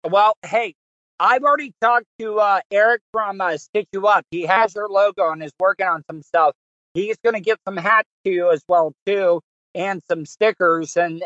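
A man hosting a casual podcast, relaxed and chatty. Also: high-pitched, dry recording, highs cut off. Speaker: podcast host. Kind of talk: casual chat.

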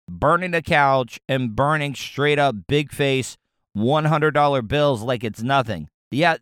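A man's voice: medium pitch, a bit bright, clear, resonant tone, dry recording, studio quality. A man hosting a radio show, riffing on a news story with crude, rambling jokes and frequent restarts. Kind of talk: casual comedic commentary.

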